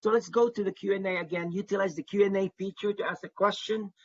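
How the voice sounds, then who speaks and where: A man's voice: high-pitched, steady tone, fast. A man presenting an online workshop as an advisor to international students, speaking earnestly and repeating his key points for emphasis. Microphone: video call. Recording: dull lo-fi webinar audio.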